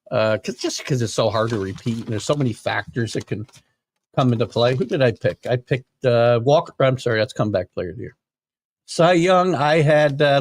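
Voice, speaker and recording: An older man hosting a live sports talk show, chatting casually and rambling with fillers while reading viewer comments. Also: medium pitch. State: hiccups.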